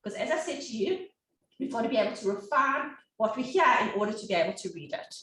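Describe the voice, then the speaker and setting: Woman, reading specialist, bright high voice, very reverberant room. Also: fast. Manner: animated, demonstrates sounds for children. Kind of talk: educational talk. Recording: echoey room, distant mic.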